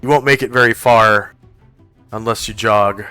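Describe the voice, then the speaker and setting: A man running a tabletop game as game master, narrating the scene and explaining rules in a casual, halting way full of fillers. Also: lowish voice, steady tone, bright, forceful tone, clear, resonant tone, no echo, soft background music.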